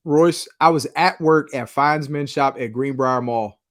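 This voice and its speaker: A man co-hosting a podcast who tells long, animated stories and acts out what his friends said. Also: mid-range voice, measured pace. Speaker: podcast co-host. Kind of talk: casual storytelling chat.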